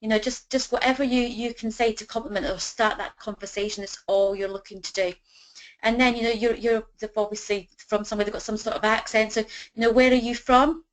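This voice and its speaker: A woman coaches a group through sales conversation scripts in a loose, chatty way. She keeps dropping in "you know" and acts out sample dialogue as she goes, in a voice of ordinary middle pitch. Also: fairly even intonation, brisk, rough recording. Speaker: business trainer.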